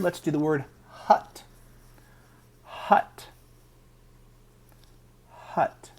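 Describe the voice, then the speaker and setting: A man teaching a phonics lesson, sounding out each word slowly and deliberately. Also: fairly low pitch. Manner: slow, deliberate sounding out of words.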